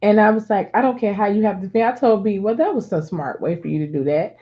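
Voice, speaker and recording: A middle-aged woman in casual chat, telling a family story with lively acted-out voices. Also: medium pitch, quick pace. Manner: animated storyteller acting out voices. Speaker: talk show co-host. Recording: dull lo-fi sound.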